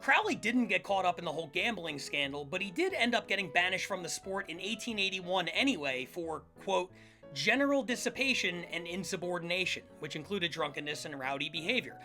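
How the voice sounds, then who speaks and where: A man's voice: high voice, lively intonation, fairly quick, few pauses, pushed and bright, faint music behind. A man from the Philadelphia area hosting a scripted comedic history show, full of sarcastic, jokey asides. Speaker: podcast host.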